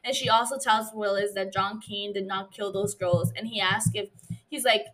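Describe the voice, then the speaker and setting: A woman podcast host recapping a TV episode in casual chat, reacting with lively, profane outbursts. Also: medium pitch, normal speed, slight background noise. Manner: animated, profane, gushing reactions.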